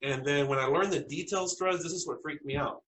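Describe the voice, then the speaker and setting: A man from South Texas, a podcast interview guest, earnestly telling personal stories with halting restarts. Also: a little high, fairly bright tone, a little hiss or hum, rough recording.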